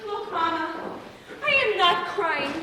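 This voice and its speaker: A woman playing a very high, childlike grown daughter. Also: very animated, slow pace, bright, forceful tone, slight background noise, exaggerated voice. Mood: pleading. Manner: pleading, earnest, childlike. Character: childlike, emotionally fragile adult daughter. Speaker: stage actor. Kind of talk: live stage play. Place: theater stage. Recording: reverberant theater from far off.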